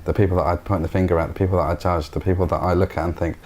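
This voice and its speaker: A man's voice: low-pitched, flat delivery, very fast, a little mellow. A man speaking as a guest in a casual spiritual conversation, reflective and thoughtful.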